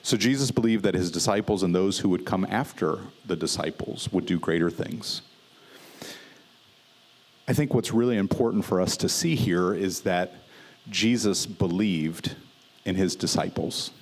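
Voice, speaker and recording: Low-voiced pastor preaching casually. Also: male voice, normal speed, a little mellow. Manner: conversational preaching with fillers and humor. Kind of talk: sermon. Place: church service.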